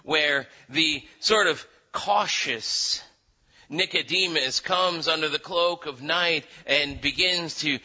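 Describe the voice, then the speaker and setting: Brief: male preacher, sermon with storytelling, repeats words, very bright tone. Lo-fi. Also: on the high side, slow pace, breathy edge. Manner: animated storytelling with voiced quotes, frequent restarts.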